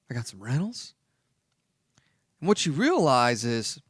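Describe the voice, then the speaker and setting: A man's voice: mid-range voice, no echo, studio quality. A man hosting a talk radio show, speaking emphatically and repeating his key points.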